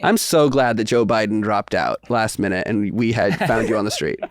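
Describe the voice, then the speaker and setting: A man's voice: fairly low pitch, moderate pace. A man hosting a comedy podcast, joking and teasing his guest in casual chat. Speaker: podcast host.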